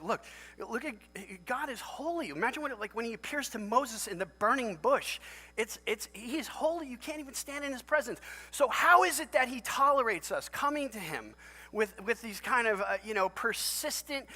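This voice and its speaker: Animated preaching man in a reverberant hall. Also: high-pitched. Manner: animated, emphatic preaching with sudden loud lifts. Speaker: pastor. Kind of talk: sermon. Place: large church sanctuary. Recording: long church hall reverb.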